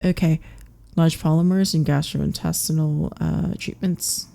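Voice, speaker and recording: A woman with a somewhat low voice reads flashcard answers aloud on a live study stream. She mutters clipped drug facts, stalling on fillers as she works through each card. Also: fairly even intonation, unhurried, vocal fry, dark tone.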